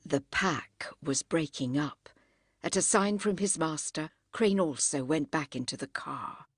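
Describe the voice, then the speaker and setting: A woman narrating a classic novel as an audiobook, measured and expressive. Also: low voice, husky, no echo, studio quality.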